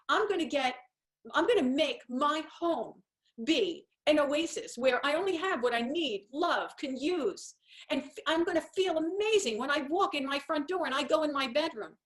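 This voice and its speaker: A woman in her fifties hosting a casual coffee-talk monologue, telling stories in a rambling, self-deprecating way. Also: sits high. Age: 50s. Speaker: host.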